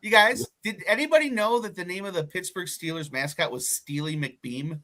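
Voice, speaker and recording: A man's voice: sits high, moderate pace, bright, forceful tone. A man co-hosting a sports podcast, playful and mocking the rival team's mascot. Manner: playful, mocking, laughs a lot. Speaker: podcast co-host. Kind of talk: casual sports chat.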